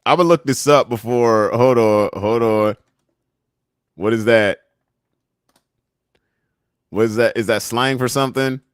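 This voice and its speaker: A man's voice: medium pitch, unhurried, long pauses, smooth, dry recording, studio quality. A man from Washington, D.C. hosting a casual livestream, reading chat comments aloud and laughing often.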